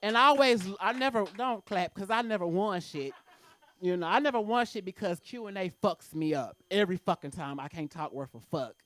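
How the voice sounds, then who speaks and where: A woman's voice: medium pitch, animated, brisk, a bit bright. A woman doing a brash, profane stand-up set at an open mic in a comedy club.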